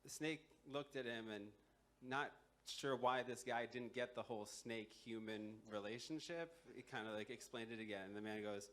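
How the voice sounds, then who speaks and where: Brief: young male storyteller, mid-pitched, relaxed and wry, lots of ums. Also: moderate pace. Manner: casual, filler-heavy, wry asides. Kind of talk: live folktale storytelling. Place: live university culture show.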